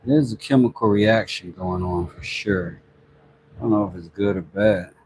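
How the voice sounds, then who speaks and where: A man's voice: fairly low pitch, moderate pace, darkish tone. A man hosting a casual livestream from his woodworking shop, joking and greeting viewers by name. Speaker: livestream host. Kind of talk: casual livestream chat while working. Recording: noisy shop ambience.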